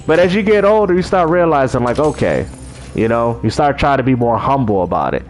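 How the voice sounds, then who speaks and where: A man's voice: mid-range voice, very animated, brisk, a little hiss or hum. A man hosting a live stream, chatting in a laid-back way and laughing often. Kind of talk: casual livestream chat.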